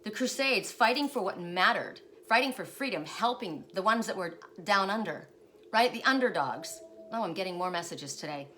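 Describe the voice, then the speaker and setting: A woman's voice: medium pitch, animated, moderate pace, bright, forceful tone, a little hiss or hum. A woman telling spiritual stories in a casual vlog, emotional and rambling, often ending her sentences with "right?". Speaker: spiritual guidance storyteller.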